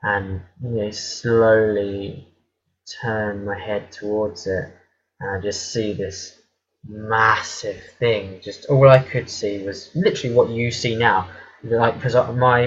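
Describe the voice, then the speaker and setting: A man's voice: on the low side, dull audio. A man telling a story in a casual, rambling way, hesitant and full of fillers and swearing. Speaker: vlogger.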